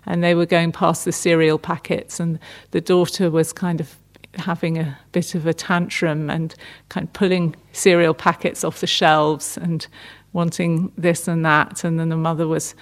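A middle-aged woman giving a gentle, unhurried meditation talk, often restarting her phrases. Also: low-pitched, little pitch movement. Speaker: meditation teacher. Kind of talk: dharma talk.

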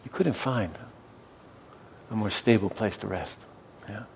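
A man who works in hospice care, telling a story gently and softly, often checking in with his listener. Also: fairly low pitch, measured pace, gravelly, slight background noise, poor audio. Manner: soft-spoken, often checks in with "yeah?". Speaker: hospice worker and meditation teacher.

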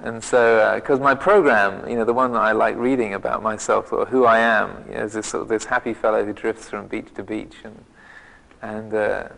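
A man's voice: on the low side, fairly even intonation, normal speed, creaky, fairly bright tone, in a large hall, low-quality recording. A man, a monk teacher, giving a dharma talk with many restarts and fillers and a self-mocking humor. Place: monastery meditation hall.

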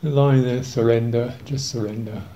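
A man's voice: medium pitch, steady tone, moderate pace, crowd noise. An older English man, a Buddhist monk, telling a humorous, self-mocking story in a dharma talk, chuckling along.

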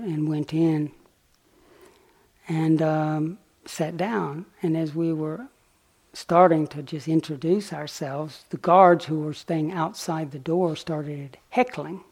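A man giving a dharma talk as a meditation teacher, telling a story gently and unhurriedly, with pauses and small fillers. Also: fairly high pitch. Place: retreat center meditation hall.

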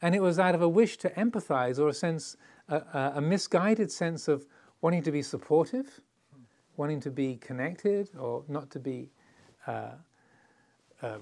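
Man giving a relaxed Dharma talk. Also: on the high side, unhurried. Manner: conversational, playful, laughs often; acts out little quoted voices. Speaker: meditation teacher.

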